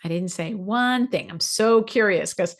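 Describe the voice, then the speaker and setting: A woman's voice: medium pitch, measured pace. A woman hosting a podcast, telling a personal story in a conversational way, acting out her own thoughts as quoted asides. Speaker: podcast host.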